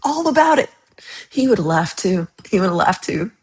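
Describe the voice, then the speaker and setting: A woman's voice: medium pitch, sing-song, moderate pace, a little mellow, slight background noise. A woman from Texas hosting a casual livestream, chatting with viewers in a chatty, teasing way with playful outrage. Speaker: livestream host.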